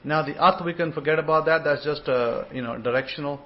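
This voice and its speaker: A man leads an informal online scripture lesson, drifting between thoughts and repeating himself as he goes. He sometimes slows down to sound out single syllables one by one. His voice sits a little high and comes through a dull, lo-fi connection. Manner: rambling, repeats words, sounds out syllables slowly. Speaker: host and religious teacher.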